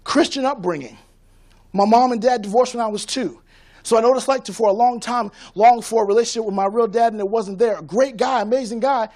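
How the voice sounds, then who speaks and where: A man with a strikingly high voice delivers a motivational keynote from a conference stage. His delivery is rhythmic and preacher-like, and he builds each point toward a line the audience has to call back to him. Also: a little fast, a little mellow. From Tampa, Florida. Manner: rousing call-and-response, rhythmic preacher-like cadence.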